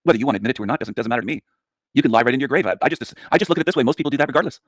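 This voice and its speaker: A man's voice: medium pitch, lively intonation, racing, no room sound. A man ranting contemptuously at his audience in a scolding, repetitive monologue as a channel host.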